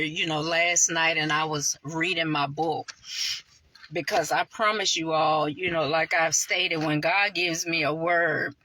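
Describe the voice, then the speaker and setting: A woman's voice: low voice, pushed and bright, no echo. A woman hosting a faith ministry, giving heartfelt, conversational devotional teaching and reading aloud from her own book, with frequent "you know"s. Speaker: ministry host and preacher.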